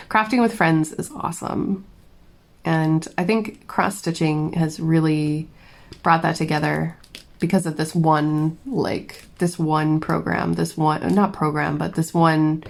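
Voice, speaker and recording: A woman's voice: low voice, gravelly. A young woman hosting a crafting vlog, telling a story in a chatty, giggly way with lots of fillers. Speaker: crafting channel host. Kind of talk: casual chat while diamond painting.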